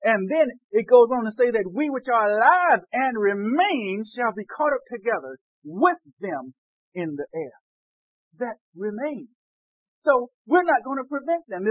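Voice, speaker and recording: A man preaching a sermon, moving from quiet storytelling to loud shouted calls. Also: very high voice, very animated, normal speed, dry recording. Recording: dry tinny phone-like sound.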